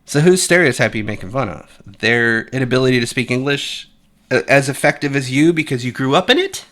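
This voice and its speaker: Man, blunt opinion vlog, sharp bright tone, profane, rambling. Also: medium pitch, expressive, brisk. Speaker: commentary channel host. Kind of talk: opinionated casual commentary.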